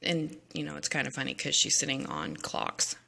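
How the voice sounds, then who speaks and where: A woman's voice: deep voice, very animated, moderate pace, creaky, pushed and bright, breathy edge. A woman narrating a silly story over her drawings in an offhand, goofy, chatty way.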